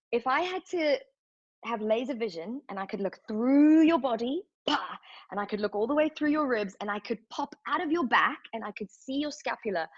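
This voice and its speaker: A woman's voice: a little high, dull audio. Upbeat woman teaching anatomy on a video call. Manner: upbeat, encouraging, asks the chat questions. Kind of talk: live online workshop teaching.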